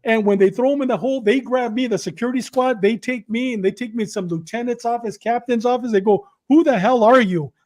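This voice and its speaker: Man, middle-aged, high voice, animated storyteller, acts out quotes. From Southern California. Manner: quick, repetitive retelling with acted quotes. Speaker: podcast guest telling his story.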